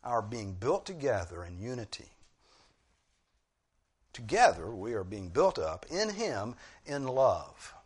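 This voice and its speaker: A man's voice: fairly low pitch, big pitch swings, slow, pauses often, breathy edge. A male preacher delivering an expository sermon, pressing key phrases with emphatic bursts.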